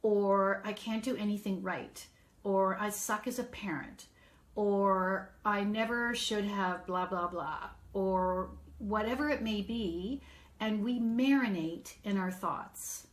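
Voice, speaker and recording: Slow-spoken woman parent coach. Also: medium pitch. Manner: earnest, reassuring, thinks aloud with fillers. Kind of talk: live-streamed coaching talk.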